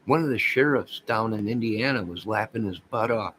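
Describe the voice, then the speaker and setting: Low-voiced rambling man on a livestream. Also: moderate pace, a bit bright, a little hiss or hum, poor audio. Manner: rambling, talks straight to viewers. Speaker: livestream host. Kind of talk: casual livestream chat with viewers.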